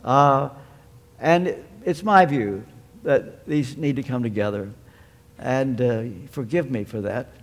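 A man preaching a sermon, measured and emphatic, posing rhetorical questions and answering them himself. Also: medium pitch. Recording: long hall reverb.

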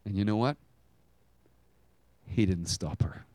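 In his sermon, the man tells a story dramatically, lurching between booming high moments and soft low ones. His pace is slow, and the recording is dry.

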